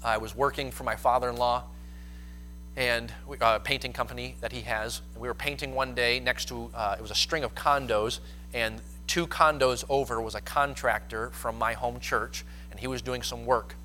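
A man's voice: medium pitch, steady tone, normal speed, bright, forceful tone, slight background noise, poor audio. A young man preaching a sermon, telling stories and acting out quoted lines with rising intensity.

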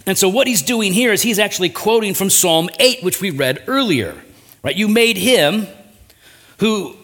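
A pastor delivering a sermon in a slightly higher-pitched male voice. He preaches earnestly, dropping low and quiet for emphasis, then lifting high again as he works through his points. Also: expressive, moderate pace. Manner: earnest preaching with rhetorical asides and wide swings in pitch and loudness.

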